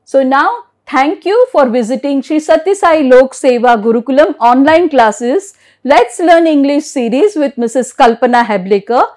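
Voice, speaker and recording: A woman's voice: high voice, animated, normal speed, darkish tone. A woman from India teaching an online English lesson, spelling words letter by letter and often checking in with "okay?".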